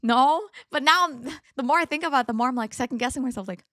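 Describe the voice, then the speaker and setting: A woman with a slightly high voice chats animatedly as a podcast co-host, reacting to stories and laughing often. Her voice sounds dry and close, with no room echo. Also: fast, few pauses, a bit bright. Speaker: co-host reading Reddit stories. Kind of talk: casual chat with partner.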